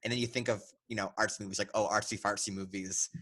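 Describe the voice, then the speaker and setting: A man's voice: lowish voice, flat delivery, fast, fairly bright tone, husky. A man co-hosting a casual film podcast who jokes, laughs often and restarts his sentences. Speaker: podcast co-host.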